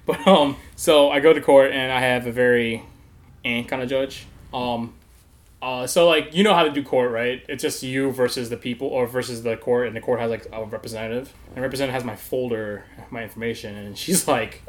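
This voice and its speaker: A man's voice: mid-range voice, sing-song, normal speed. A young man hosting a podcast, telling a story in casual chat, laughing often and swearing freely. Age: young adult. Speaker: podcast host.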